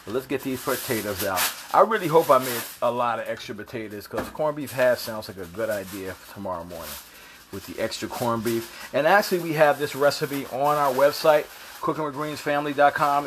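Excitable man hosting a cooking show. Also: slight background noise. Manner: excitable, joking, with sudden high yelps. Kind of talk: casual cooking demonstration.

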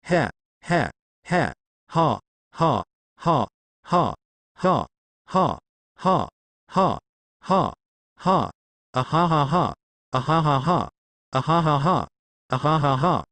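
A man's voice: mid-range voice, sing-song, moderate pace, dry recording. A man voicing a teen boy ninja turned gleeful vampire, laughing maniacally and taunting. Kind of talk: fan fiction narration.

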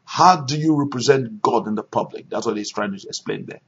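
A male pastor with a gravelly, husky voice leads prayer and a sermon. He hammers home his points by repeating them. The sound is dull and lo-fi, like a conference call recording. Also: lowish voice, fairly quick, darkish tone. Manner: emphatic, repeats phrases for stress.

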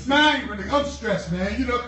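Lady preacher doing a low mumbly stressed young dude, sheepish and slangy, echoey hall from far off. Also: lively intonation, fast, heavy background noise, lightly acted.

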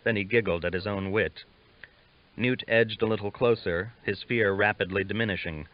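A man reading a novel aloud as an audiobook narrator, steady and measured, on a dull lo-fi recording. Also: lowish voice. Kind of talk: scripted narration.

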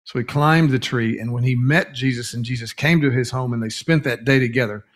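Male pastor, earnest sermon delivery, slow emphasis on key words, average pitch. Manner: earnest, with stretched emphatic words and brief restarts. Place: church sanctuary.

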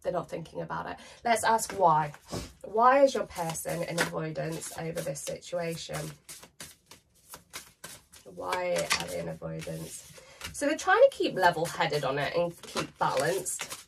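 A woman's voice: fairly low pitch, expressive, moderate pace, gravelly, distant mic, noisy background. A chatty British woman with a cold, giving a casual tarot card reading to camera in an informal, slangy way. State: has a cold. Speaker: tarot reader.

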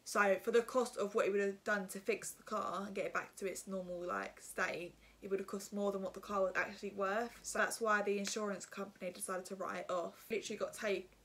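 A woman's voice: mid-range voice, flat delivery, a little fast, few pauses, fairly bright tone, a little hiss or hum. A young woman tells a casual storytime to her viewers, rambling with lots of fillers. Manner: rambling, filler-heavy, chatty. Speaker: vlogger.

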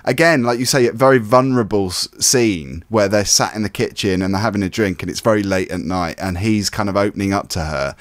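Man, film review co-host, earnest, measured, low pitch, dry close sound. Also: no room sound. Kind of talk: casual chat.

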